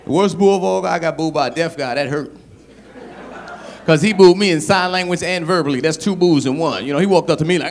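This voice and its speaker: A man from Brooklyn doing a stand-up comedy set in a club, telling stories and acting out bits with shouts. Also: fairly high pitch, fast, a faint crowd. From Brooklyn, New York. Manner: animated storytelling, shouts and acts out bits.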